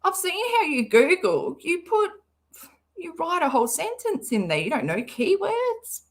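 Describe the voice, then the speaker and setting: A woman's voice: extremely high pitch, very animated, a little slow. A woman doing casual live-stream commentary, sarcastic and rambling, who swears freely. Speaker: livestream commentator.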